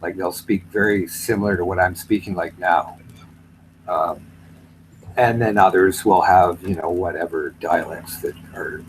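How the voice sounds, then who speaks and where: A man's voice: deep voice, fairly even intonation, slight background noise, low-quality recording. Rambling Canadian man in casual chat. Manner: rambling, swearing, quick to tease. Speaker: chat participant.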